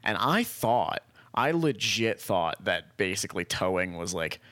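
A young man rambles his way through a story in easy conversation, swearing freely and playing out each person's lines. His voice sits fairly low. The sound is dry and close, with no room around it. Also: big pitch swings, measured pace, sharp tone, no echo. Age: young adult. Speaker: storyteller in casual chat. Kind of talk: casual chat.

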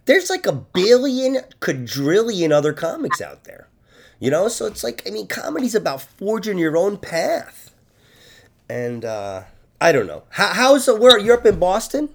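A man's voice: high-pitched, huge pitch swings, measured pace, gravelly. A man hosting a casual podcast, joking crudely and laughing often. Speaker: podcast host. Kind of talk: casual comedic banter.

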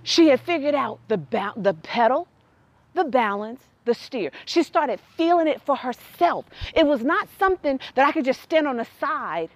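Woman telling a story then preaching a lil, high voice, swings up and down a lot. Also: normal speed, dry recording, highs cut off. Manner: animated storytelling, laughs often. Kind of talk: personal story turned faith lesson.

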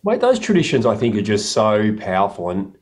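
Middle-aged bloke, low voice, chatty, rambling storyteller for a casual podcast. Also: male voice, huge pitch swings, a little fast, darkish tone. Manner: rambling, self-correcting storyteller. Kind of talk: casual chat.

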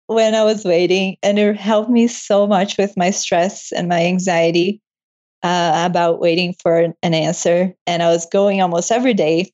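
A young woman talks with a guest's openness, her telling emotional and full of quick laughter. The sound is a little dull and lo-fi, like a modest home setup. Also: fairly low pitch. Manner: laughs often, emotional and animated. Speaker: interview guest, medical student. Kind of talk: casual interview storytelling.

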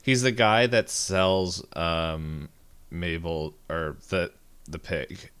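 Male co-host, very deep and slow, easygoing and hesitant. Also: steady tone, fairly bright tone, clear, resonant tone. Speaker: podcast co-host. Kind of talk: casual chat.

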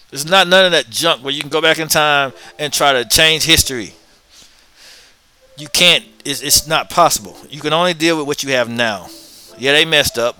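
A man talking straight to his viewers in a blunt opinion monologue, his voice pitched a little high and pushed hard with a forceful, tense edge. He repeats phrases over and over to drive each point home. Soft music plays faintly underneath. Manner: emphatic and repetitive, hammering points home; casual and blunt, drops in slang. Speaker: host of his own commentary show.

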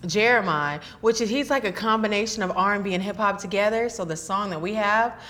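A woman's voice: mid-range voice, fairly quick, bright, forceful tone. Chatty woman singer-songwriter guest. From California. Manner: chatty, peppers talk with "you know?". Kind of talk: casual interview chat.

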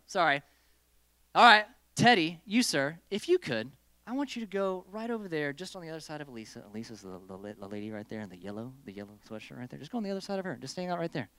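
Lively, bright-voiced youth group leader. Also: mid-range voice, no room sound. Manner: playful, animated, giving stage directions to volunteers. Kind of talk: leading a hands-on group lesson. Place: indoor meeting room with a group.

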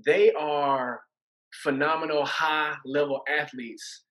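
A man, an interview guest giving a casual faith testimony as an animated storyteller who acts out voices and laughs often. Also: on the high side, slow, low-quality recording. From Atlanta, USA.

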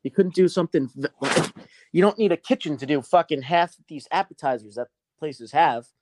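Foul-mouthed animated male storyteller. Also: fairly high pitch, normal speed, crowd noise. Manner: animated, swears constantly, acts out quoted people. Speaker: podcast co-host telling a story. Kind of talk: casual profane storytelling.

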